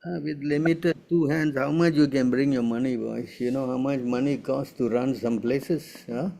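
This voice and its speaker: A man with a gravelly, mellow voice of middle pitch, answering questions as a spiritual teacher. He talks emphatically and keeps checking in with quick tag questions. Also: steady tone, a little hiss or hum. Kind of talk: Q&A session.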